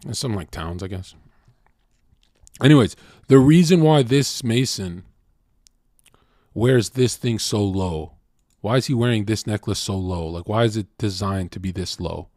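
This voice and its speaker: A man's voice: fairly low pitch, unhurried, long pauses, a little mellow, no echo, studio quality. A young man streaming and lecturing his chat in a crude, cocky, swearing monologue. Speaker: livestreamer talking to chat. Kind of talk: casual blunt stream monologue.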